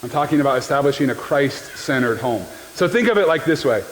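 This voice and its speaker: A man's voice: medium pitch, expressive, fairly quick. A man preaching a sermon as the pastor, in a conversational, joking way that keeps checking in with the listeners. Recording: long hall reverb with faint background noise.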